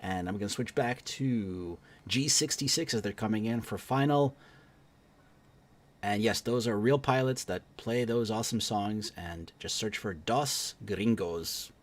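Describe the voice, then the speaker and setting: A man's voice: on the low side, a little slow. A man hosting a live stream, giving upbeat play-by-play commentary with joking banter.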